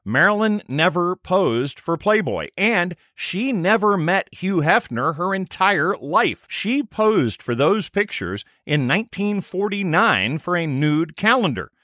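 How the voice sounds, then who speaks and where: A man's voice: high-pitched, sing-song, a little slow, hardly any pauses, bright, forceful tone, no room sound, clean studio sound. A man co-hosting a podcast, chatting casually and telling the story as he recaps a sitcom. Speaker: podcast co-host.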